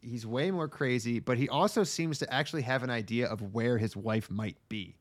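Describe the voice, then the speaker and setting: A man co-hosts a podcast and recaps an anime in a loose, rambling way. His talk is crude and halting, full of ums and restarts. His pitch sits in an ordinary middle range. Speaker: podcast co-host. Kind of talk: casual chat recapping an anime.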